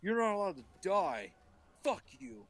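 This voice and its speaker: A man's voice: sits high, very animated, a little slow, creaky, pitched above the performer's own voice, exaggerated voice. A man putting on a screeching, enraged voice of God cursing at a sinner, crude and mocking. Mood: furious mocking. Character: furious bellowing God scolding a sinner.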